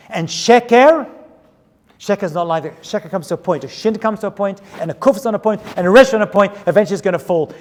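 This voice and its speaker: A man teaching as a rabbi in an animated, rhetorical storytelling style that keeps checking in with his listeners. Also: high voice. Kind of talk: sermon-style lecture with storytelling. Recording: long hall reverb.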